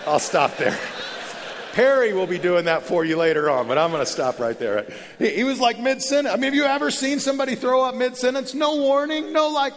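A man preaching at a conference, candid and conversational, moving from hushed reflection to loud, animated storytelling. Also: very high voice, brisk, slight background noise. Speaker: pastor. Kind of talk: conference sermon. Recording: long hall reverb.

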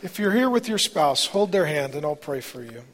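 Husky man preaching in a reverberant hall. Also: fairly high pitch, very animated, moderate pace, some chatter behind. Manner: candid, conversational, emotional personal storytelling. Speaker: pastor. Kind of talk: storytelling sermon. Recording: long reverb of a large hall.

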